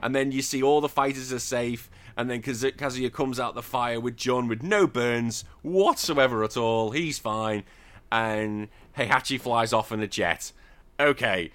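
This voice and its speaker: A man's voice: medium pitch, measured pace, fairly bright tone. A man hosting a podcast, recapping a film in sweary, mocking casual chat and acting out the characters' lines. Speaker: podcast host.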